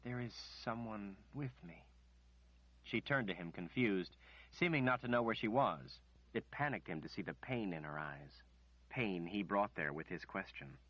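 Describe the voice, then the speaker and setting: A man narrating an audiobook in a measured, steady storytelling manner. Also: sits low. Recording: dry, slightly muffled recording.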